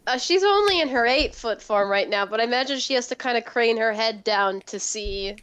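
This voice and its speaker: A woman's voice: a little high, expressive, fairly quick, a bit bright, clear, resonant tone. Playful woman playing a tabletop game. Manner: giggly, playful. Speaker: player. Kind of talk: casual chat in a tabletop game.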